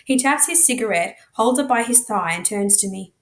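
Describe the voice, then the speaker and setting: A woman with an Australian accent, a teacher reading a novel aloud with dramatic, expressive narration. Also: mid-range voice, normal speed, few pauses. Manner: dramatic, shifts voice and pace for characters.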